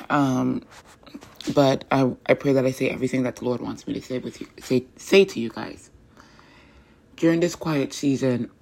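A woman hosting a faith podcast, talking in an earnest, chatty way with casual slang and quick asides. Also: extremely low pitch, a little mellow. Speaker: podcast host. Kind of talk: casual devotional podcast talk.

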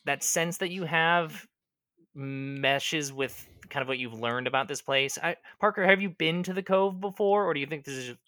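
Bright, crisp-voiced male game master. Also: a little high, no echo, clean studio sound. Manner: descriptive, unhurried with frequent ums. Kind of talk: narrating a tabletop game.

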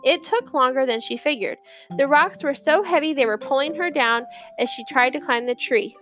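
A woman narrating a children's novel in a lively storytelling manner, putting on voices for the characters. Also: sits high, normal speed, lo-fi sound, over music. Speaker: audiobook narrator.

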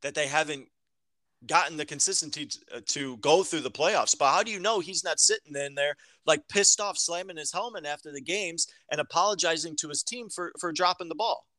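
A man's voice: on the high side, bright, forceful tone, no echo. A man co-hosting a podcast, debating sports casually and often restarting his sentences as he thinks. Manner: halting, repeats his words while thinking. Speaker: podcast co-host.

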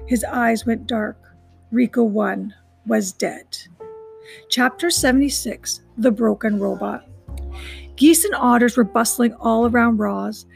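A woman's voice: fairly high pitch, fairly even intonation, gravelly, breathy edge, soft background music. A woman reading a children's novel aloud chapter by chapter, after a casual recap. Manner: recaps chapters casually, then reads briskly.

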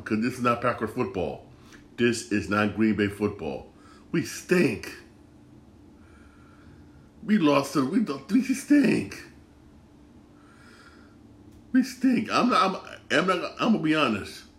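A man's voice: lowish voice, a bit bright, reverberant. A man hosting a sports podcast, ranting in a frustrated, repetitive way and stumbling over his words. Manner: frustrated, repetitive, stammering restarts. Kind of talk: casual sports rant.

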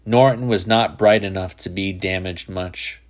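A man reading a literary short story aloud in a measured, even narration. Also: deep voice. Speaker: audiobook narrator.

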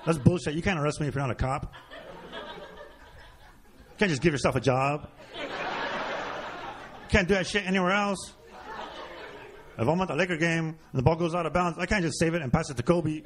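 A man with a slightly high voice delivers a stand-up set in blunt, profane punchlines. He is from a Mexican-American background and works a comedy club stage. The live recording carries clear room and audience noise around him. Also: moderate pace, long pauses.

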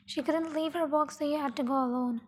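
High-voiced woman reading a story. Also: fairly even intonation, brisk. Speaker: story narrator. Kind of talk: second-person fan fiction reading. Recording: long echoing reverb.

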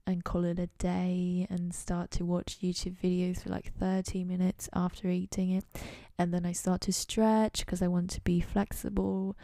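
A young woman talks in a loose, rambling solo chat, often laughing at herself. Her voice is mellow and carries a gravelly fry, and she sounds close and dry with almost no room around her. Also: on the low side, no echo. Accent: playful put-on accent. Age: young adult. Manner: chatty, rambling, self-mocking. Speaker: university student podcaster.

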